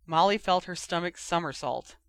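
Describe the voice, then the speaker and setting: Bright-voiced male storybook narrator. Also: high voice, moderate pace, no echo. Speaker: audiobook reader.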